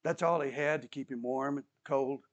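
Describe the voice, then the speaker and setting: A man's voice: mid-range voice, fairly even intonation, normal speed, lo-fi sound. A man preaching a sermon as an emphatic storyteller who repeats key phrases and adds touches of humor.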